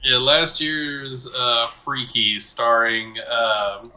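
A man chatting casually on a podcast, laid-back and pausing to search for words. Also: medium pitch, little pitch movement, pushed and bright.

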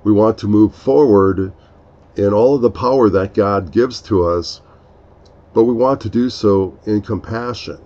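A man with a lowish voice hosts a reflective devotional talk. He speaks very slowly and earnestly and explains each point with care. The sound is dull and lo-fi. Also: warm tone. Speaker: podcast host.

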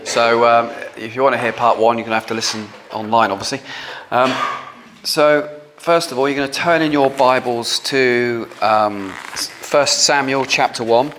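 A man's voice: mid-range voice, fairly even intonation, normal speed, fairly bright tone, slight background noise. A man preaching a conversational sermon, talking in a chatty, informal way with filler words.

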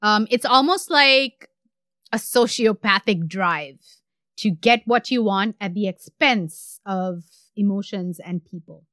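A woman from India hosting a podcast, telling a true crime story in an animated, conversational way. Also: mid-range voice, takes it slowly, dry recording, clean studio sound. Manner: animated, conversational, trailing off at phrase ends. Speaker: podcast host.

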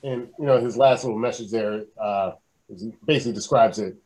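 A man's voice: fairly low pitch, fairly quick, a little mellow, poor audio. Man, podcast co-host, easygoing casual film chat.

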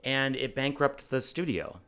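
A man's voice: mid-range voice, expressive, unhurried, gravelly, fairly bright tone. An American man co-hosting a podcast, chatting casually and enthusiastically, often restarting his sentences. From United States. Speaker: podcast co-host. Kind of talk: casual chat.

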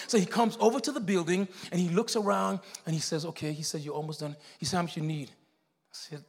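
A man, preaching a sermon as pastor, telling a story in hushed tones and building to shouted exhortation. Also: a little high, fast, creaky, husky, long reverb tail.

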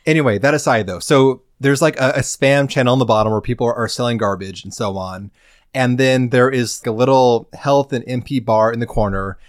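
A man's voice: medium pitch, brisk, no echo, studio quality. A man co-hosting a podcast, recapping a game in a casual, wry storytelling way with comic emphasis. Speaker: podcast co-host.

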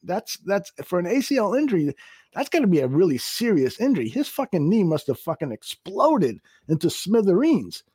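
A man's voice: high-pitched, very animated, moderate pace, darkish tone, breathy edge, no room sound, clean studio sound. A man co-hosting a casual sports podcast, swearing freely, exasperated and often laughing. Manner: profane, exasperated, laughs a lot. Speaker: podcast co-host.

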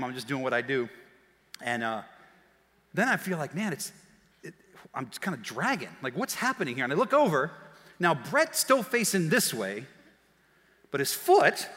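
A man preaching a sermon as pastor, telling stories in a lively way that swings from quiet asides to shouts. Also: mid-range voice. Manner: animated storytelling, shouting and quick laughs. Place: church auditorium. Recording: long hall reverb.

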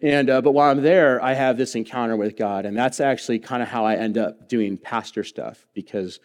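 A man's voice: mid-range voice, a little fast. Guy pastor preaching in church, tells his own story, jokey then earnest, mid voice. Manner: personal storytelling with humor, earnest and animated. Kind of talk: sermon. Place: church sanctuary.

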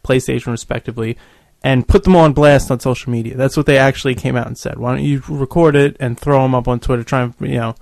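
A man's voice: mid-range voice, steady tone, fast, creaky, darkish tone, dry recording. A man hosting a casual gaming podcast, laid-back and jokey. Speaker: podcast host.

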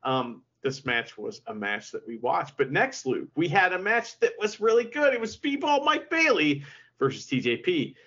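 A man co-hosting a podcast, chatting casually about wrestling, excitable, swearing and laughing often. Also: on the high side, moderate pace, husky, dull audio. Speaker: podcast co-host.

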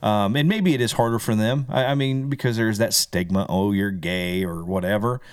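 A man's voice: medium pitch, expressive, brisk, clear, resonant tone, no echo, clean studio sound. A man co-hosting a podcast, a musician talking in a rambling, easygoing way. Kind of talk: casual chat.

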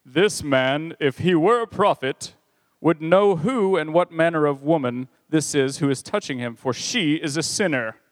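A man's voice: on the high side, a little slow, no echo, big-room sound, natural voice, rough recording. A man voicing a self-righteous male Pharisee who judges others with disdain. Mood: scornful.

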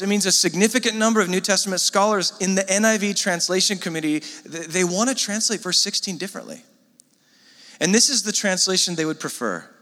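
A man preaching in a relaxed, chatty sermon style, turning to the congregation with quick asides. His voice is bright and sits fairly high, and the sound rings with the long reverb of a large hall. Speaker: pastor.

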